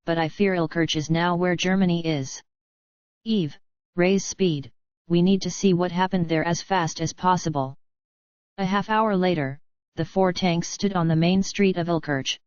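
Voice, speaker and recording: A woman reading a fan story aloud in a steady, even narration, close to the mic. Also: on the low side, smooth, no room sound, muffled recording.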